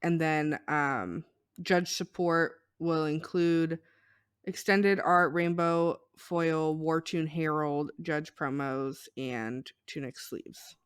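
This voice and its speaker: Unhurried, hesitant podcast co-host. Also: mid-range voice, fairly even intonation, smooth. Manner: unhurried, hesitant, self-correcting. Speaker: podcast co-host reading the news. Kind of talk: casual podcast chat.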